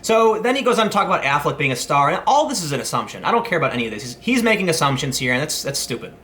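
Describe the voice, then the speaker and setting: A man's voice: on the high side, very animated, rapid-fire, pushed and bright. A man in his thirties hosting a casual commentary vlog, rambling with many restarts and asides. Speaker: commentary host.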